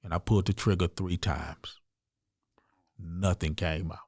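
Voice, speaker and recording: A man's voice: low voice, steady tone, measured pace, a little mellow, no echo, clean studio sound. Earnest man telling a personal story. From United States. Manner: earnest, emphatic, conversational. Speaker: podcast guest.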